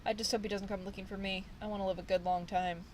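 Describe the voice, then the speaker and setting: Woman voicing a jittery young street thug who fled his gang, talking in rambling slang with hesitant restarts, at a middling pitch. The read stays close to her plain speaking voice, with a faint hum of ambience underneath. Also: little pitch movement, fast, darkish tone, close to an everyday voice, low-quality recording. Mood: scared. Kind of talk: reading game dialogue aloud.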